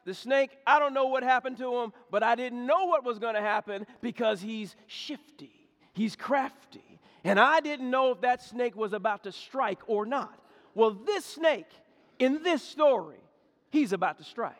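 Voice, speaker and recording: A pastor's very high voice unfolds at an unhurried pace as he preaches in an echoey hall. His sermon is a folksy, animated tale, humorous and heavy with repetition.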